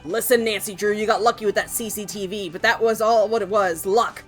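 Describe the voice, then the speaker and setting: A woman voicing a gruff, impatient male police detective in a game, curt and scolding. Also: mid-range voice, fairly even intonation, a little fast, soft background music, natural voice. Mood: scornful.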